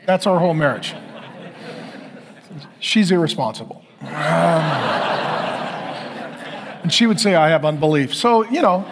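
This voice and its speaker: Man, forties, pastor, husky voice, fairly high pitch, storytelling sermon. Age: 40s. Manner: animated, acts out dialogue with God and family.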